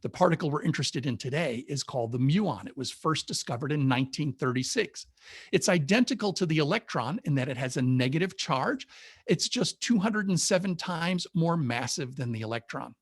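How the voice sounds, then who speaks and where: A man's voice: on the high side, lively intonation, fairly quick, breathy edge, dry recording, clean studio sound. A man presenting an informal public science talk on a video call, explaining things methodically with enthusiasm. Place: home or office on a webinar. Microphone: video call mic.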